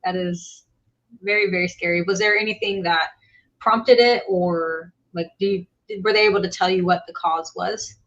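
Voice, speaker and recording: A woman's voice: fairly low pitch, fairly even intonation, normal speed, a bit bright. A woman hosting a casual reaction chat, making blunt, matter-of-fact comments. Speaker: host. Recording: slightly dull lo-fi audio.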